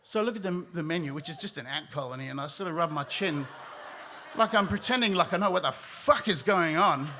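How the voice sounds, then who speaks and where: Male storyteller, live stage, animated, bright tone. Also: fairly high pitch, fairly quick, a little hiss or hum. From Australia. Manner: animated, acts out his own panicked voice.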